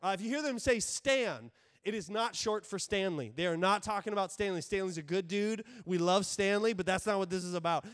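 Thirties male pastor with a high voice, joking and animated from the pulpit, acting out little exasperated scenes. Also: a little fast, clear, resonant tone. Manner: animated, acts out exasperated quotes. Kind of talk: humorous sermon.

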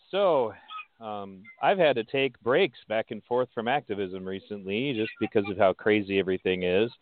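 A man's voice: on the low side, animated, unhurried, a little hiss or hum. A man hosting a podcast, giving casual political commentary in a hesitant way with frequent fillers. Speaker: podcast host. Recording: dry, phone-like thin sound.

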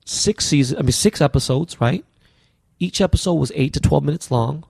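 A man from the US West Coast, a podcast guest, telling stories in an animated, profane, slang-heavy way. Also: fairly high pitch, normal speed, creaky, breathy edge, no echo, studio quality. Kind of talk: casual storytelling interview.

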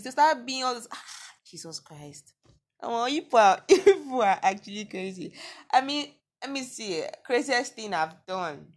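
A young Nigerian woman talks through her podcast, reading listener confessions aloud. Her reactions are big and incredulous, and she jumps between exclamations, laughs and mock scolding at a mid-range pitch. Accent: Nigerian, Yoruba-inflected. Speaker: podcast host. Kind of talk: casual solo podcast reading listener messages.

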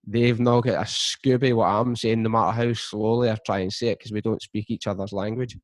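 A man's voice: lowish voice, fairly quick, no room sound, clean studio sound. Man telling stories steadily. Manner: steady storytelling, frequent restarts. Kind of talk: casual chat.

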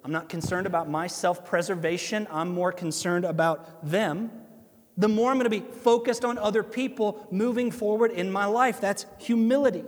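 A man with an Ohio accent, preaching a sermon as pastor, animated and conversational with asides to listeners. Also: sits high, moderate pace. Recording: long hall reverb.

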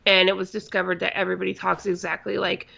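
Woman, gravelly fry, bright tense tone, opinionated, exasperated, casual chat, dull lo-fi recording. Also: medium pitch, flat delivery, quick pace. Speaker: podcast co-host. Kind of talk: casual chat reviewing a comedy show. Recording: dull lo-fi sound.

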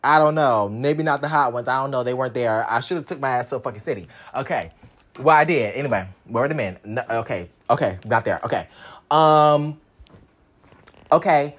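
A young man talks briskly through his story in a casual, sassy monologue. Swearing freely, he moves between loud outbursts and muttered asides.

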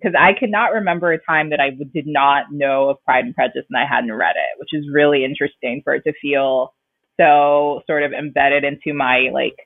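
A woman's voice: deep voice, steady tone, a little fast, no echo. A woman co-hosting a podcast, chatting casually and rambling as she corrects herself. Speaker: podcast co-host. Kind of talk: casual chat. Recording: tinny, dry phone-like line.

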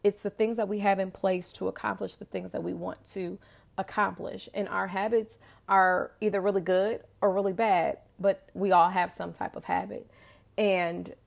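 A woman's voice: mid-range voice, flat delivery, moderate pace, vocal fry. A woman hosting a motivational podcast, talking in an enthusiastic, emphatic way that repeats her points. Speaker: podcast host. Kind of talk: motivational monologue.

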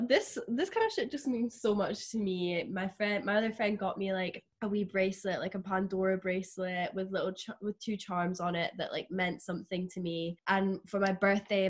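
A woman's voice: mid-range voice, normal speed, few pauses. A young woman, co-hosting a podcast in casual chat, full of fillers and swearing. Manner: chatty, swears, many fillers. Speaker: podcast co-host. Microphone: remote video call.

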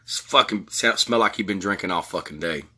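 A man's voice: sits low, fairly quick, sharp tone, slightly rough. A man, telling stories in a blunt, profane podcast monologue. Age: 40s. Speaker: podcast host. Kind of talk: heated monologue.

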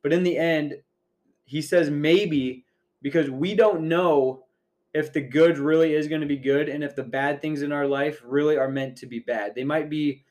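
A man's voice: a little high, fairly even intonation, moderate pace, a little mellow. A man co-hosting a podcast, chatting casually and rambling through a story with many fillers. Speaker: podcast co-host.

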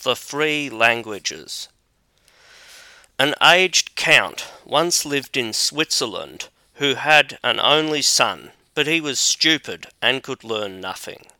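A man reading a fairy tale aloud as an audiobook narrator, measured and deliberate, on a close mic. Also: mid-range voice, expressive, sharp tone, dry recording. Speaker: audiobook reader. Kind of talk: scripted storybook narration.

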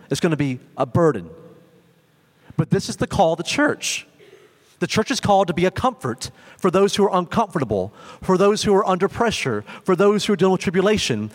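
A young adult man preaching a sermon as pastor, talking in a casual, conversational way with frequent fillers, in a church sanctuary. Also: high-pitched. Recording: long hall reverb.

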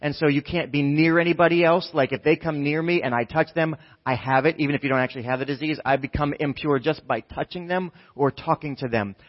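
Man preaching, casual sermon, asks "right?" a lot, slightly high voice, dull lo-fi sound. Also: fast talker, hardly any pauses. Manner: casual, keeps asking "right?", acts out voices, from hushed to near shouting. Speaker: pastor. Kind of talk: conversational sermon.

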